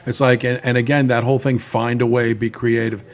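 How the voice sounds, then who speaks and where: Rapid-fire middle-aged man, promoter guest, frank and animated, mid-pitched. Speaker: concert promoter and band manager. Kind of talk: casual chat.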